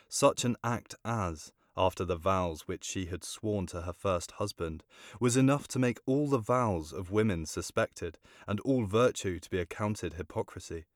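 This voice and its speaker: Deep-voiced man narrating a story. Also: dry recording, studio quality. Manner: measured, formal reading.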